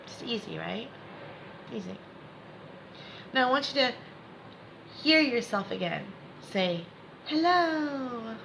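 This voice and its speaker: A woman's voice: sits high, sharp tone, slight background noise, poor audio. A woman spiritual coach leading a live guided meditation lesson, encouraging and reassuring viewers by name.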